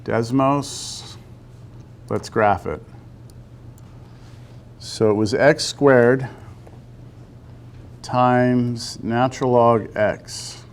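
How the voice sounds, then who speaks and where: A man teaching a calculus lesson to a class. He talks through a graph step by step and keeps pausing to ask the students whether they see it. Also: mid-range voice, steady tone, slight background noise. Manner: talks to the class, asks lots of check-in questions. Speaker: math teacher.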